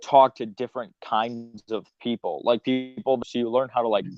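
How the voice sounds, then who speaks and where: A man's voice: medium pitch, steady tone, moderate pace, darkish tone, dry recording, highs cut off, soft background music. A man in a casual group chat on a video call, speaking hesitantly and often saying "like". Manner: hesitant, many "like" fillers.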